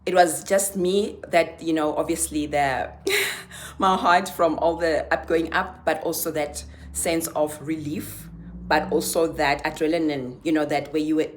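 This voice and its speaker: Low-pitched young woman, emotional storyteller venting to camera, light background hiss. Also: steady tone, measured pace. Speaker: vlogger. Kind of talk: casual vlog storytelling.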